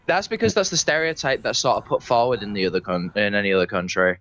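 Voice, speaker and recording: A man's voice: lowish voice, quick pace, fairly bright tone, slight background noise. Yorkshire man on a muffled headset call. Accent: Yorkshire English. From East Yorkshire, England. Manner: hesitant, many restarts. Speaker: caller. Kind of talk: casual chat on a call.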